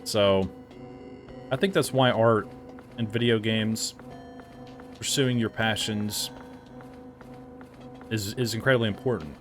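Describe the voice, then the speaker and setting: Low-voiced man rambling over gameplay. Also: fairly even intonation, slow pace, long pauses, faint music behind. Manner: rambling and chatty, with frequent self-corrections. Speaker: game reviewer. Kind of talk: casual gameplay commentary.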